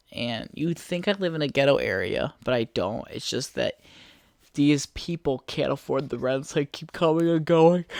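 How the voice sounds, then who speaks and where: A man's voice: medium pitch, gravelly, no echo. Crude rambling man, dry close sound. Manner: crude, rambling, profane, easily sidetracked. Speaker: podcast host. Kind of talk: solo casual podcast rant. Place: apartment room.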